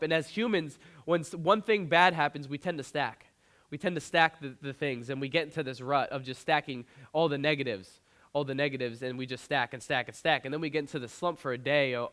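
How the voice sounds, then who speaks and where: A young man speaks from a conference stage in a somewhat high voice, telling a personal story with earnest warmth. He often circles back, restarting and repeating phrases as he builds the tale. The sound comes through a stage microphone. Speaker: motivational speaker. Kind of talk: inspirational keynote speech.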